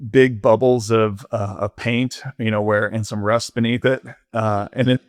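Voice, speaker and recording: The recording is studio quality with no room sound: a man with a lowish voice and fairly even intonation speaks a little slowly. He's a podcast guest in a casual storytelling interview, candidly rambling through an ocean-rowing story with lots of fillers.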